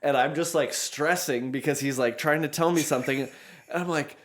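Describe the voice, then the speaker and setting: A man's voice: fairly high pitch, fairly even intonation, brisk. Rambling father on a podcast. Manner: rambling, heavy use of "like" and fillers. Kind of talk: casual podcast chat.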